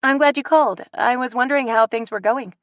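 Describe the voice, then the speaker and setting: A woman's voice: fairly high pitch, animated, a little fast, dry recording, highs cut off, pitched above the performer's own voice. A woman voicing a cheerful, playful young professional woman in an audiobook romance. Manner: bright and playful, softer in intimate moments.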